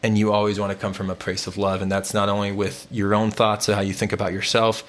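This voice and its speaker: A man co-hosting a podcast, talking in an earnest, reflective way with fillers and pauses. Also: lowish voice, monotone. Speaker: podcast co-host. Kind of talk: conversational podcast talk. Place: home in the US Southwest.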